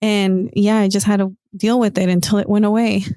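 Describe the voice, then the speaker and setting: A mid-pitched woman hosts a casual podcast. She talks in a chatty, emphatic way and keeps asking follow-up questions. The sound is dry and close. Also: little pitch movement, fairly quick, mellow, no echo. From United States. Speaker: podcast host.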